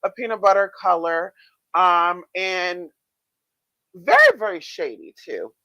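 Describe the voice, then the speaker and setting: A man vlogging, casually telling his viewers a story in a chatty, expressive way with frequent swearing. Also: high-pitched, takes it slowly, no room sound, lo-fi sound. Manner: chatty, expressive, swears freely, many fillers.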